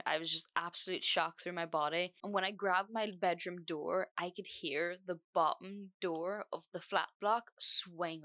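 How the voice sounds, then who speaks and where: A young woman hosting a podcast, telling a story in an animated, swearing, laughing way. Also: lowish voice. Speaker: podcast host. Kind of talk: storytime monologue.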